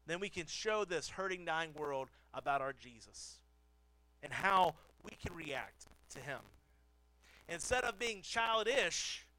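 Animated, bright-voiced male pastor preaching. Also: on the high side, slow, no room sound. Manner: animated, storytelling with self-deprecating humor; repeats phrases for emphasis. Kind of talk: sermon. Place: church pulpit.

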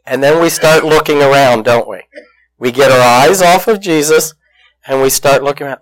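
Male pastor with a higher voice, animated sermon delivery with acted-out voices and a dry, close sound. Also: moderate pace, no echo, low-quality recording. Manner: animated storytelling, acts out voices, asks the congregation questions.

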